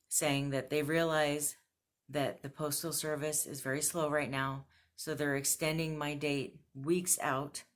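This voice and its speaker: A woman vlogger venting to camera, blunt and frustrated, laughing between complaints. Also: low-pitched. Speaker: fashion subscription box vlogger.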